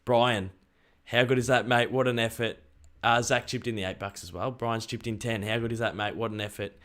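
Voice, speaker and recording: A young Australian man chatting excitedly on a live stream and reading out viewer messages. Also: mid-range voice, brisk. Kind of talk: casual live stream chat.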